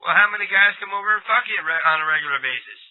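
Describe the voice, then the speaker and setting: A man's voice: high voice, racing. Crude prank-calling man on a phone line. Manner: crude, goading, mock-innocent. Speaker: prank caller, radio host.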